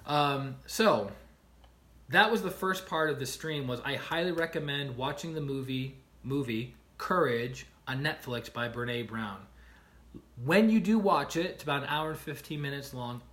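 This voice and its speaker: A man on a casual livestream, retelling stories in an animated way and acting out the people in them, often checking in with the listener with "right?". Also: mid-range voice, measured pace. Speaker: life coach streaming to viewers.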